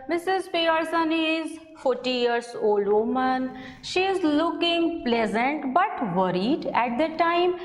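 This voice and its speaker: A woman teacher with an Indian English accent, slowly explaining a play to a class of children. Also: high-pitched. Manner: slow, explanatory, addressing students as children. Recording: echoey room with long reverb.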